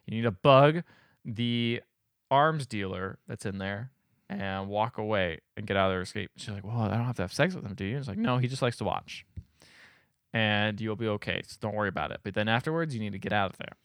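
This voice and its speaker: A man's voice: fairly low pitch, brisk, fairly bright tone, clean tone, no echo, studio quality. A man co-hosting a podcast, casually retelling a movie plot and acting out the characters' lines. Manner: rambling storyteller who acts out lines. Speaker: podcast co-host. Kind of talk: casual chat, recapping a movie.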